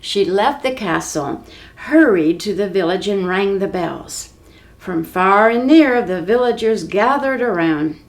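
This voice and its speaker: A woman telling a children's story for a library reading program, slow and expressive. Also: medium pitch. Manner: slow, expressive, clearly paced.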